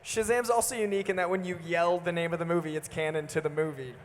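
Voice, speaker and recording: A man moderating a convention panel Q&A, quick with joking asides. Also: fairly high pitch, fairly even intonation. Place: large indoor convention hall. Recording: echoey convention hall with faint crowd noise.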